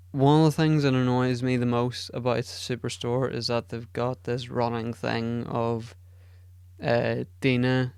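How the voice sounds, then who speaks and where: A man's voice: mid-range voice, creaky, clean tone, no room sound, clean studio sound. A man hosting a podcast alone, rambling casually, swearing often and putting himself down. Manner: rambling and profane, self-deprecating. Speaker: podcast host. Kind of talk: casual solo podcast chat.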